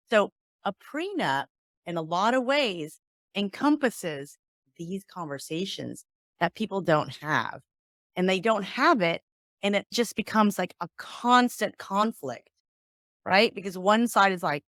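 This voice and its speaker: Animated woman explaining conflict steps. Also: mid-range voice, unhurried, no echo, clean studio sound. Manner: animated, acts out example dialogues. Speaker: divorce mediator and negotiation coach. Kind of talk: podcast interview talk.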